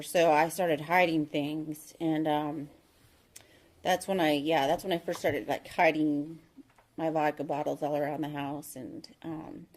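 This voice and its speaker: A woman in her thirties telling her recovery story as an AA meeting speaker. She speaks candidly and haltingly, with many ums and restarts. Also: sits low, a little mellow.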